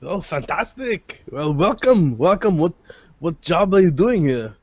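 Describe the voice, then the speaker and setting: A man voices a hulking, brash gladiator master in a tabletop game. The character is blunt and foul-mouthed, with a lively, swinging pitch. The sound is dry and a little dull. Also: a little slow, no room sound, exaggerated voice. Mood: gruff. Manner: blunt and profane, boisterous. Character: large, brash, crude male gladiator master. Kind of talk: tabletop role-play.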